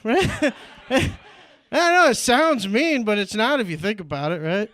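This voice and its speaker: A young man from Indiana works through a stand-up set on a club stage. His voice sits very high and comes across clean and resonant, picked up dry and close on a handheld mic. He leans on "like" and "right?" and chuckles at his own lines. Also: lively intonation, a little slow, a bit bright, no room sound. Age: young adult. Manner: fills with "like" and "right?", laughs at own jokes. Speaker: stand-up comedian.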